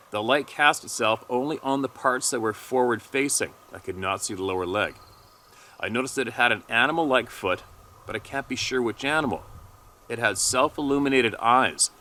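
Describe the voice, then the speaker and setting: A man hosting his channel, reading a submitted account aloud at a steady pace with small stumbles and self-corrections. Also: lowish voice, slight background noise. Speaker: channel host reading a listener's story.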